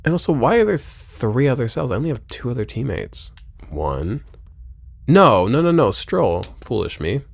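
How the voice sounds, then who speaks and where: Lively jokey man streaming a game. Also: moderate pace, vocal fry, no echo, clean studio sound. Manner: lively, jokey, swings between loud exclamations and low mutters. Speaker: gameplay streamer. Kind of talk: let's play commentary, reading game lines aloud.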